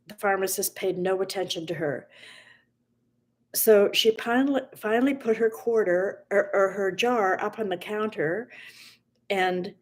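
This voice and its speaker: A woman hosting a motivational livestream, reading an inspirational story in a gentle, slow manner and softening at times almost to a whisper. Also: medium pitch.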